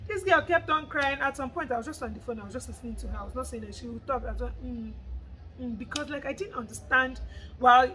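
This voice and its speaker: A woman's voice: on the high side, slight background noise, poor audio. A young woman, telling a personal story to her vlog audience and acting out the conversation with her friend. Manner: animated, quotes friend's words in lively retelling. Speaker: vlogger. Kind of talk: casual storytelling to camera.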